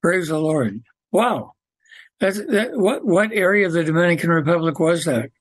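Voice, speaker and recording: A man hosting a faith program, asking slow, measured questions with fillers. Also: a little high, expressive, no room sound. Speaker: host.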